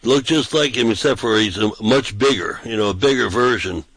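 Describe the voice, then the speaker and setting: A man's voice: medium pitch, fairly quick, a bit bright, husky, no room sound, rough recording. A man who is a pastor and street preacher, telling anecdotes casually and acting out the quotes in a raised voice. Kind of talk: casual storytelling on a talk show.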